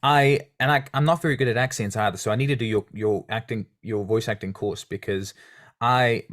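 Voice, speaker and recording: A man's voice: lowish voice, steady tone, fairly quick, fairly bright tone. Friendly South African-born male podcast host. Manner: friendly, chatty questioning. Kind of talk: casual interview chat.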